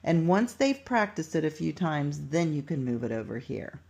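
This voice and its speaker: Woman teacher, low gravelly voice, unhurried, patient instructional delivery. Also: sing-song, a little mellow. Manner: patient, step-by-step, sounds out words slowly. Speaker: teacher demonstrating a writing lesson. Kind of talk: instructional walkthrough.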